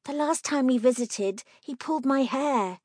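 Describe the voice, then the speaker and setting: A woman's voice: high-pitched, unhurried, darkish tone, no echo, studio quality, pitched above the performer's own voice. A woman reading aloud, voicing a stubborn, proper ten-year-old girl who speaks primly and argues firmly. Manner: prim, firm and argumentative.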